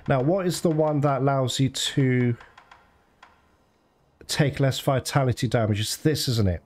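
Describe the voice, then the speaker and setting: A man doing let's play commentary as host, excitable, swearing and laughing at the game. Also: mid-range voice. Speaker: gaming channel host. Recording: game music behind the voice.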